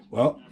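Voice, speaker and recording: A man's voice: mid-range voice, background noise. A man from East London, a vlogger and artist, chatting casually and laughing easily as he cycles through a city. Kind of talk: casual travel vlog narration. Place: outdoors cycling through a city.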